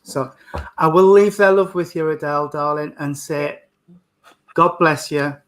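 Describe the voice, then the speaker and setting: Gentle man giving a mediumship reading. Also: on the high side, a little slow. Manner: gentle, calls people sweetheart and darling.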